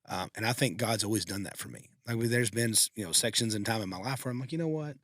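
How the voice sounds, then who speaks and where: A man with a somewhat low voice talks quickly through an emotional personal story, stumbling and restarting as he goes. The sound is dry and close, with no room echo. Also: fairly bright tone. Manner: emotional, heartfelt, rambling with restarts. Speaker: podcast co-host. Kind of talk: casual storytelling.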